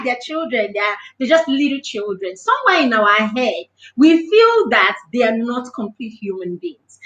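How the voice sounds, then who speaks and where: A woman's voice: high-pitched, sharp tone, roomy sound, low-quality recording. A woman with a Nigerian accent giving a parenting talk as a mentor, emphatic and acting out quoted dialogue.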